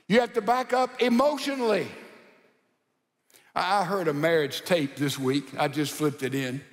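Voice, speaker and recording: A male pastor preaching a sermon in a folksy, animated storytelling style with rhetorical asides. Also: a little high, normal speed, big-room sound.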